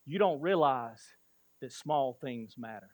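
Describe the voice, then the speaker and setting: A man voicing a patient, wise old rabbi who calmly hands out a lesson in a sermon story. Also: mid-range voice, unhurried, dry recording, natural voice. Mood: instructive.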